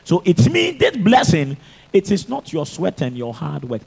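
A Ghanaian man in his thirties, a pastor preaching an animated sermon. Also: high-pitched, normal speed, vocal fry, a little hiss or hum. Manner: animated preaching mixing English and Twi.

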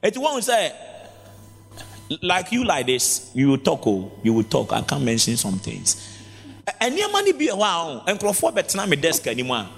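A man's voice: on the high side, huge pitch swings, moderate pace, creaky, breathy edge. A man preaching a sermon as pastor, mixing Twi and English with sing-song rises. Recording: long reverb of a large hall.

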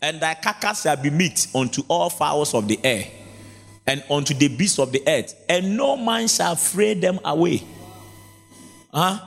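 A man's voice: medium pitch, gravelly. A man preaching a sermon as pastor, mixing Twi and English with sing-song rises. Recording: long reverb of a large hall.

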